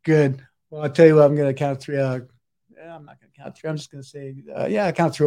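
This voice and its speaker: High-voiced hypnotist man, coaxing and repetitive. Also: fairly even intonation, quick pace, gravelly. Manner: repetitive, insistent suggestions, shifting between loud and hushed. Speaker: stage hypnotist. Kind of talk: live hypnosis demonstration.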